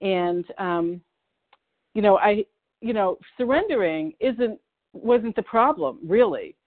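A woman from the Boston area tells her recovery story over a phone line that sounds tinny and narrow. She speaks haltingly and emotionally, with frequent ums and restarts, in an ordinary mid-range voice. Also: medium pitch, lively intonation. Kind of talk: personal recovery share. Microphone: phone dial-in.

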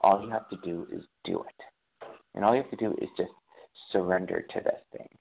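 A man's voice: low-pitched, huge pitch swings, brisk, gravelly, a little hiss or hum. A man sharing about recovery in a rambling, self-correcting, conversational way. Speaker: recovery program member sharing. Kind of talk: casual spiritual recovery talk. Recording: tinny phone-like sound.

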